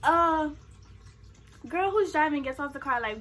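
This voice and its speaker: High bright animated young woman storyteller. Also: normal speed, long pauses. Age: young adult. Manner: animated, profane, acts out quotes. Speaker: vlogger. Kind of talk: storytime vlog.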